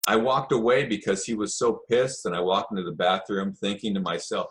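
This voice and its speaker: A man's voice: low voice, brisk, few pauses, a bit bright. An older man, a podcast guest, telling long anecdotes in a casual interview and acting out what others said. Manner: rambling anecdotes with acted quotes.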